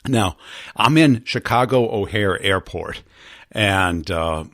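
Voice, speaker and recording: Male podcast host, low voice, animated storyteller who acts out quotes, dry close recording. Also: slow, no echo. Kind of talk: podcast storytelling and sales pitch.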